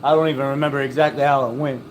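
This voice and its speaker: A man's voice: mid-range voice, fairly even intonation, very fast, slight background noise. A man chatting casually and rambling from one joke to the next, laughing at his own stories. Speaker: vlogger. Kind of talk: casual chat.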